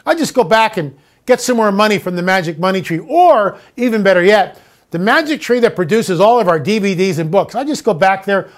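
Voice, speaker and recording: A man hosting his own show, talking straight to viewers in an animated way, moving between sarcastic ranting and storytelling. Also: high voice, fairly quick. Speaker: show host. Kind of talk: monologue to viewers.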